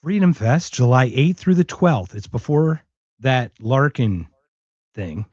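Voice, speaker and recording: A man from Philadelphia hosting a podcast, talking in an energetic, chatty, excitable way. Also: mid-range voice, takes it slowly, dry recording, highs cut off. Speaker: podcast host. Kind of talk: casual interview chat.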